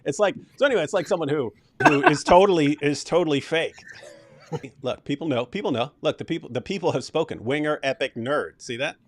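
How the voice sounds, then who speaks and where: A man's voice: fairly high pitch, expressive, a little fast, dry recording. A man hosting a live stream, chatting casually, who mocks and laughs often. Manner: mocking, laughs often, restarts sentences.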